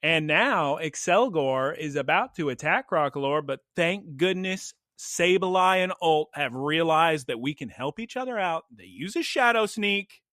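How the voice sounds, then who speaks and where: A young man co-hosting a podcast, recapping an anime episode in excitable play-by-play and calling out attack names. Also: a little high, unhurried, hardly any pauses, no echo, studio quality. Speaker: podcast co-host. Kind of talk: casual anime recap chat.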